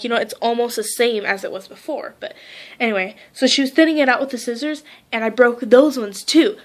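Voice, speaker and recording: Teenage girl, casual vlog storytelling, rambling, filler-heavy, somewhat high-pitched. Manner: rambling and chatty, quoting people in animated voices; heavy use of "like". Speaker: vlogger.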